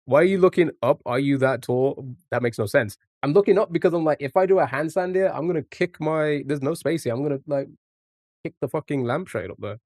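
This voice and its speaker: A man's voice: a little high, a little fast, a little mellow, dry recording. Chatty male streamer, dry close mic. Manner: chatty, jokey, talks back to chat; swears casually. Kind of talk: casual live-stream chat.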